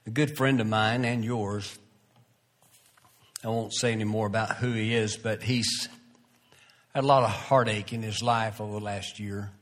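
A man preaching a sermon in a slow, earnest way, rising in pitch and force at emphatic moments, often restarting his phrases. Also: fairly even intonation, fairly bright tone. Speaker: pastor.

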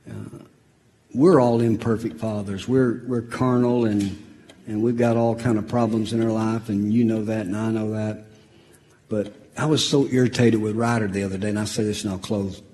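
A man preaching a sermon, telling a family story and swinging from loud, laughing storytelling to a hushed, grave close. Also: fairly low pitch, flat delivery, normal speed. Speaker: pastor. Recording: long hall reverb.

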